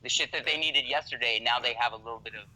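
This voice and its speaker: Bright-voiced man in loose, swearing chat. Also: mid-range voice, quick pace, slight background noise, rough recording. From Canada. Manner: relaxed, swears freely, keeps asking "you know what I mean". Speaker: podcast guest. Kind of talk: casual conversation.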